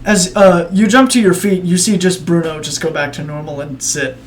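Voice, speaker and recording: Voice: mid-range voice, steady tone, normal speed, slight background noise. A game master narrating a tabletop game casually, in a laid-back way, often laughing and trailing off with fillers.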